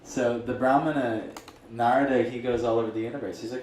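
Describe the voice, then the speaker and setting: A man's voice: medium pitch, steady tone, brisk, a little mellow. Casual male storyteller, roomy and distant. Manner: casual, rambling with restarts. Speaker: spiritual teacher. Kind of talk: storytelling talk. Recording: echoey room from a distant mic.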